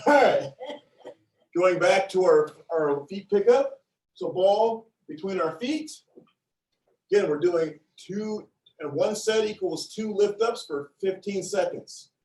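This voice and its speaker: A man's voice: sits high, expressive, takes it slowly, a little mellow, reverberant, distant mic, rough recording. A man leading a seated exercise class, counting reps aloud and cheering participants on in a playful, encouraging way. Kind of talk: upbeat class instruction with counting.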